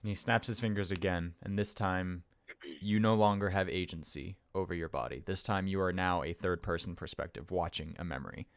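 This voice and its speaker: A man's voice: low voice, brisk, few pauses, dry recording. A man narrating a scene as game master, descriptive and rambling with fillers.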